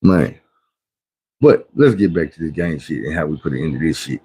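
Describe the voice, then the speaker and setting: A man's voice: very deep voice, expressive, moderate pace, mellow, slightly rough. A man on a livestream giving blunt, preachy street talk in a casual monologue, acting out the people he quotes. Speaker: livestream host.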